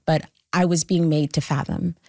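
A young woman speaks in a low, dry, close-miked voice. She is earnest and thoughtful in casual conversation, often pausing on ums and likes as she works through her ideas. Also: steady tone, gravelly, dark tone, dry recording. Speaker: guest discussing a book.

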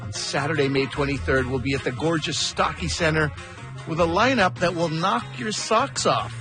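A man's voice: a little high, moderate pace. A man hosting a radio comedy show, reading upbeat promotional announcements. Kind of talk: scripted announcement. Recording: broadcast with music bed.

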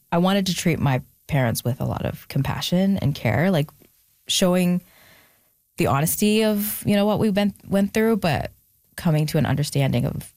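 A young adult woman who writes books is being interviewed about her family, and she answers candidly and thoughtfully, getting emotional and then laughing it off. Her voice is lowish and darkish in tone. The studio sound is clean, with no echo.

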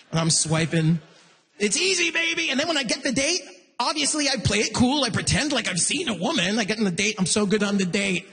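Stand-up comic, male, high and lively delivery, slightly husky, big reverberant room. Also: quick pace. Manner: animated, self-mocking, jumps into loud high act-outs. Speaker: stand-up comedian. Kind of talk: stand-up comedy set. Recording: long reverb of a hall.

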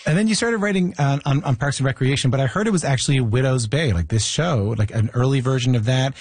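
A man interviewing a guest, asking questions with quick stammering restarts. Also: mid-range voice, darkish tone, breathy edge, dry recording. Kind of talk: interview host.

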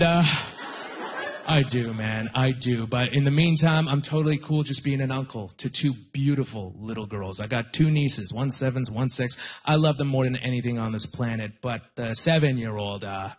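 A man's voice: medium pitch, normal speed. A young man doing a stand-up comedy set, talking in a conversational, self-deprecating way with punchy timing, on a club stage into a handheld mic.

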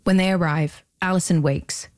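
A woman hosting a documentary podcast, reading scripted narration in a measured way. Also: fairly low pitch. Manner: measured, even storytelling delivery.

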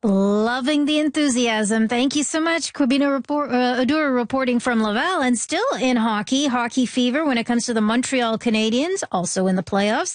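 A woman's voice: fairly high pitch, no echo. A woman reading the radio news, then chatting in a friendly way with the hosts. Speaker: newsreader. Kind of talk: news reading and casual chat.

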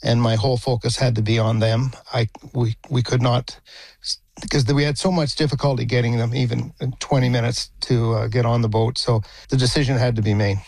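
An older man, a retired airline captain, slowly recounting a rescue at sea with pauses. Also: medium pitch, flat delivery, a little mellow, no echo. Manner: slow and plain, with pauses.

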